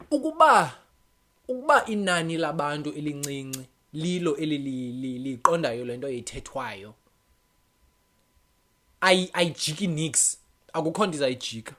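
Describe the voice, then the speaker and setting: Young South African man with a Xhosa accent, solo vlogger, lively pitch, freewheeling and chatty. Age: young adult. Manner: animated, switching languages mid-sentence, laughing often. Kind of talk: casual opinion monologue.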